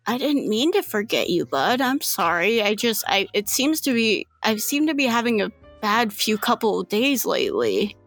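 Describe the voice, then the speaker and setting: A woman voicing a gentle, confused young woman patient who talks softly and hesitantly. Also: fairly high pitch, sing-song, moderate pace, few pauses, dry recording, soft background music, full character voice. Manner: soft, apologetic, hesitant.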